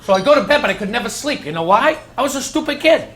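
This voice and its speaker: A man doing stand-up, telling stories with animated voices for worried adults and excited kids. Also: extremely high pitch, quick pace, hardly any pauses. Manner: animated storytelling, acting out anxious inner voices. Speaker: stand-up comedian. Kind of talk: stand-up routine. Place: comedy club stage. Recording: live club recording, echoey room with audience laughter. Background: audience laughing.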